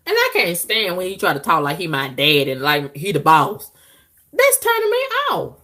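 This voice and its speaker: Low-voiced woman, wildly animated. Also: normal speed. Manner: animated, swings to loud squealing outbursts; frank, profane, conversational drawl. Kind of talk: candid casual monologue to viewers.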